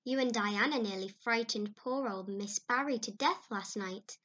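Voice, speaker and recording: A woman's voice: medium pitch, moderate pace, fairly bright tone, lightly acted. Woman narrator doing a stern older neighbour woman; severe, gossipy, dry amusement.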